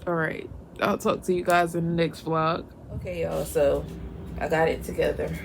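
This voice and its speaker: Her voice is low and flat with vocal fry, at a normal speed. She's a young mom vlogger in her kitchen at home, chatting casually, laughing frequently and getting emotional and teary, captured in a noisy recording.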